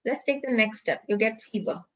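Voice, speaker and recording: A woman's voice: fairly high pitch, moderate pace. A woman doctor giving a webinar health talk, asking her listeners many questions and acting out everyday voices. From India. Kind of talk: webinar lecture. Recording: dull lo-fi webinar audio.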